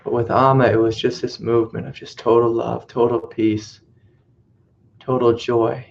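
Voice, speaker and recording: A man's voice: medium pitch, flat delivery, normal speed, gravelly, a little hiss or hum. A man who is a spiritual teacher, telling a story in a reflective way and often repeating his phrases. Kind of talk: satsang teaching talk. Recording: dull lo-fi webcast audio.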